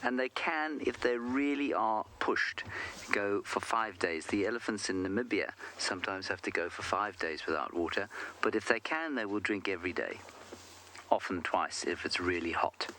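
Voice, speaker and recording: A man's voice: on the low side, moderate pace, sharp tone, slight background noise. A man working as a safari guide, chatting playfully and answering viewers' questions on a live wildlife broadcast from outdoors in the bush. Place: outdoors on a game drive in the bush.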